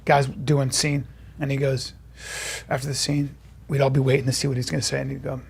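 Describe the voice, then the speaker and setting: A man co-hosting a podcast, telling animated stories and swearing freely. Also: mid-range voice, a little fast, creaky, husky. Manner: animated storyteller, acts out quotes, swears freely. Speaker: podcast co-host. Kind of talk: casual chat, storytelling.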